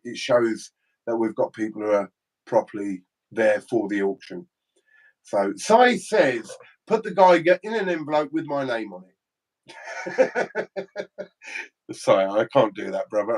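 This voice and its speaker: A man's voice: medium pitch, poor audio. An English man co-hosting a casual livestream, reading out viewer comments and laughing easily. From England. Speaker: livestream co-host.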